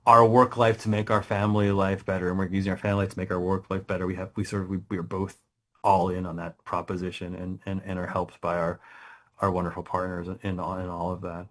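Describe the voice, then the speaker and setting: A man, a guest writer in a casual interview, telling stories with lots of restarts, quick laughs and rising excitement. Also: low voice. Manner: animated storytelling, many restarts, laughs often.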